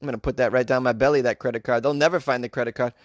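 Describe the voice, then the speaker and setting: A man's voice: mid-range voice, fairly even intonation, very fast, no echo, studio quality, close to an everyday voice. A man voicing a smug petty crook who rambles through boastful plans.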